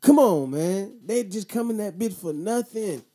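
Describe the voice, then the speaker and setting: A man's voice: high-pitched, animated, unhurried, mellow. A man in his thirties hosting a casual show, telling a profane, slangy story and then talking about voting. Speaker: podcast host.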